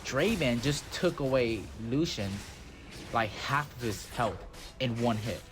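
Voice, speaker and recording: A man talks through his own match in a loose, rambling voice-over, stacking up "like" fillers. His pitch sits in an ordinary middle range. Clear background music plays under his voice. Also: expressive, slow pace. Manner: rambling and chatty, with many "like" fillers. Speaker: gaming channel host. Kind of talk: casual gameplay commentary voice-over.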